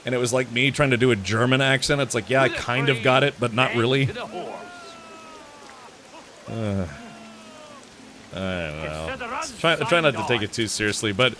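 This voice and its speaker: A man's voice: mid-range voice, moderate pace, pauses often, a crowd in the background. A man streaming a video game live, chatting casually with his viewers, rambling, laughing often and restarting his sentences. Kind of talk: casual live-stream chat while gaming.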